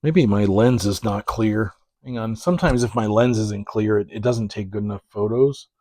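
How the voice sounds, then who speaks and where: A man's voice: fairly low pitch, normal speed, mellow, dry recording. A man talking casually about prints as he opens packages, rambling and correcting himself with many fillers. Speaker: print collector vlogger. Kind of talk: casual package-opening chat.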